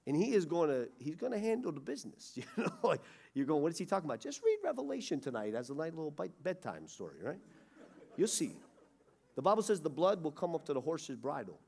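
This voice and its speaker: A middle-aged man preaching a sermon, swinging from loud urgency to hushed pleading. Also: a little high, very animated, a little fast, gravelly. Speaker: pastor. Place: church sanctuary.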